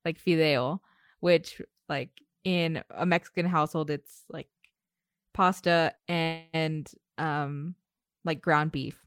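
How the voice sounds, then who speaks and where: Relaxed woman telling stories, dry sound. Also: sits low, slow pace, clean tone, no room sound. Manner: relaxed storyteller, many fillers of "like". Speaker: podcast co-host. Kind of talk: casual chat.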